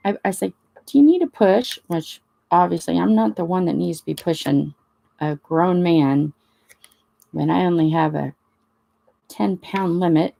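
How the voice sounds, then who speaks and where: With a lowish, gravelly voice, this crafting channel host spins a rambling, casual story, bringing it to life by performing the quoted dialogue.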